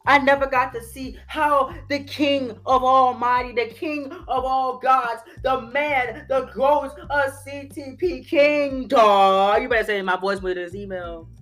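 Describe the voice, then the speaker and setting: A man's voice: very high-pitched, a little slow, few pauses, a bit bright, soft background music. A man voicing an angry, betrayed longtime male fan who scolds and rants in slang. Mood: ranting. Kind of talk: reading an email aloud in character.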